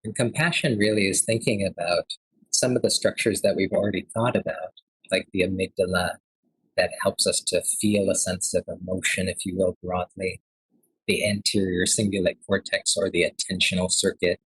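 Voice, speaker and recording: Sex: man. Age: 30s. Role: forum speaker. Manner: conversational, earnest. Sound: dry, husky. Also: deep voice, steady tone, normal speed, fairly bright tone, no echo, low-quality recording. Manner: earnest, conversational, with frequent fillers. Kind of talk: storytelling lecture.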